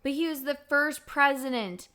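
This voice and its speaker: Chatty woman podcast cohost, bright tense voice, a bit high, very opinionated. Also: normal speed. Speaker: podcast co-host. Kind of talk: casual political chat.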